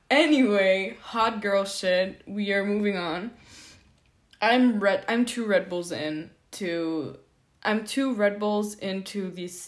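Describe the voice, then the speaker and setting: Nervous young woman rambling on her podcast. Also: medium pitch. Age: young adult. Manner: rambling, filler-heavy, self-deprecating. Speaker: podcast host. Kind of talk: casual solo podcast update.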